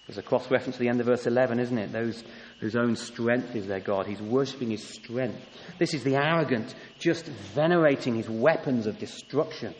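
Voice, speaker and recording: A man's voice: medium pitch, a little fast, a little hiss or hum. A man preaching a sermon, emphatic, often rising to a raised voice on key points. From England. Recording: long hall reverb, faint ambience.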